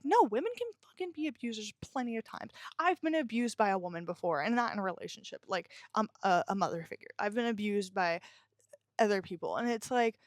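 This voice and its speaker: Young woman venting on her podcast, blunt and sweary, kinda high voice, dry close sound. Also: dry recording. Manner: blunt, emphatic, swears often. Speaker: podcast host. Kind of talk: personal confessional monologue.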